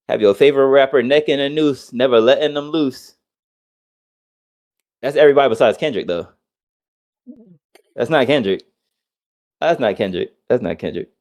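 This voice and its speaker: A man co-hosting a casual podcast, ranting heatedly with lots of profanity and mocking quotes. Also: medium pitch. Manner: heated, profane, swings between loud outbursts and mock quotes. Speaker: podcast co-host.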